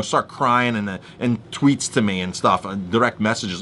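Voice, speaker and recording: A man vents in an animated, casual monologue, his voice bright and ringing. His pitch swings widely as he restarts and acts out past arguments. A faint rumble sits underneath. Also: moderate pace, few pauses. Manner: animated storytelling, restarts, acts out quoted exchanges.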